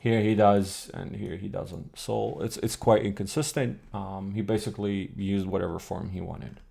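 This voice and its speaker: A man's voice: low voice, fairly even intonation, moderate pace, creaky, mellow. A man teaching on a live stream, thinking aloud as he goes and correcting himself mid-sentence. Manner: reads chat questions and answers them. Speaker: streamer teaching an old alphabet book. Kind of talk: live-streamed explanatory lesson.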